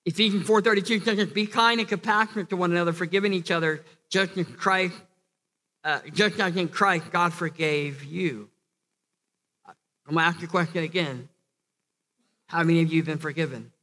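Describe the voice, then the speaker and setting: A man's voice: high voice, normal speed, pauses often, pushed and bright. A man preaching a sermon as pastor, earnest, often restarting and repeating phrases, building to emphatic peaks. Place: church hall. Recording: long church hall reverb.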